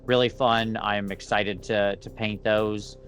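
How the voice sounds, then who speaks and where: A man talking as a guest on a casual interview podcast, thoughtful and measured. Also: on the low side, fairly even intonation, a bit bright, faint music behind. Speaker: podcast guest, miniature painter.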